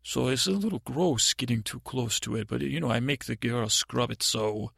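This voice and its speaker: An actor playing a timid, naive boy prince in an improvised comedy podcast, telling a story in a halting, stammering, meandering way. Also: medium pitch, gravelly, fairly bright tone, breathy edge, dry recording, studio quality, heavily acted. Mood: rambling. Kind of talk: improvised comic monologue.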